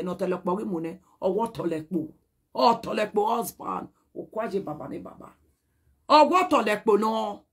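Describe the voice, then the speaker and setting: A woman's voice: medium pitch, husky. A woman with a Nigerian accent, delivering an emphatic, rambling direct-to-camera message. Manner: emphatic and rambling, code-switching. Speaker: social media personality.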